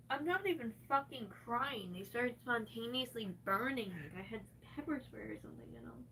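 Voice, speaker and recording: A woman's voice: on the high side, lively intonation, moderate pace, fairly bright tone, recorded from a distance, slight background noise. Agitated, profane woman ranting on livestream. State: distressed. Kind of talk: unscripted livestream rant.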